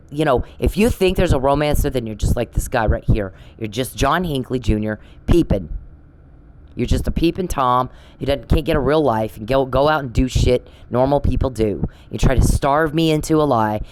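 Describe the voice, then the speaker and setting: A woman's voice: rumbling low, darkish tone, slight background noise, rough recording. Woman podcaster, angry repetitive rant, swears. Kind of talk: angry monologue addressed to one person.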